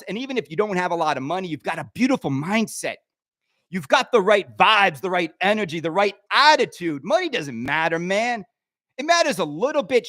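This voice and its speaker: A middle-aged man hosting a pinball show, ranting in an animated way that swings from loud outbursts to quiet asides. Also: high voice, no echo, clean studio sound. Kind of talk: ranting monologue.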